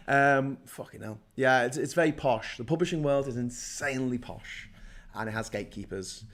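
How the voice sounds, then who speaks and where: A man's voice: medium pitch, normal speed, fairly bright tone. Sweary, sardonic man hosting live. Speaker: live show host. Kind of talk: casual livestream chat reading viewer comments.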